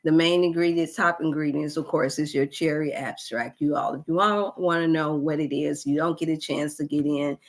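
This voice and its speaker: A woman, hosting a wellness show and giving an animated testimonial with sighs and exclamations. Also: deep voice, moderate pace, hardly any pauses. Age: 50s. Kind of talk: testimonial storytelling.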